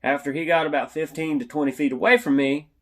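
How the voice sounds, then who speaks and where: A young man casually telling a funny story, animated and yelling out the lines he quotes. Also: a little high, fast.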